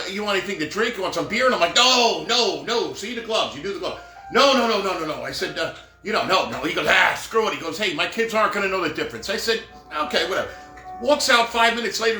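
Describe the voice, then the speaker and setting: High, lively rambling male storyteller. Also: fast. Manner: rambling with jokey asides; acts out quoted dialogue. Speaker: professional Santa performer telling stories. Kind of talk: casual storytelling monologue. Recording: roomy echo with faint music.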